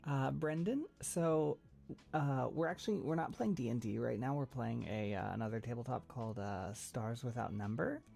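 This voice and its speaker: A man's voice: medium pitch, moderate pace, vocal fry, darkish tone, soft background music. A man chatting casually on his livestream, rambling and laughing often, with lots of fillers and restarts, close to the mic. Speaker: streamer. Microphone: close mic setup.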